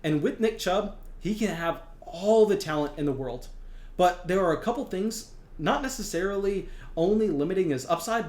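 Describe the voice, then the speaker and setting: An energetic young man hosts a fantasy football show, pushing hard on his points and repeating words for emphasis. His voice sits slightly high. The room around him rings with a noticeable echo. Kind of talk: excited sports analysis monologue.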